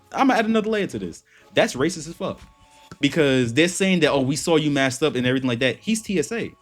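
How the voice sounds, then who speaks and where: A man hosting a reaction channel, giving blunt, heated commentary and repeating his points for emphasis. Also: medium pitch.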